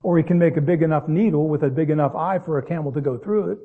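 A man delivers a sermon, reading verses from the King James Bible and then unpacking them in plain, folksy asides, at times drawing words out slowly for emphasis. His voice sits fairly high, and the audio sounds narrow and tinny.

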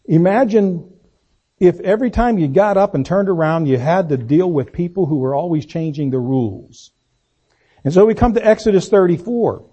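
A man preaching a sermon, swinging between loud slow emphasis and low quiet asides. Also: animated, husky. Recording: dull lo-fi recording.

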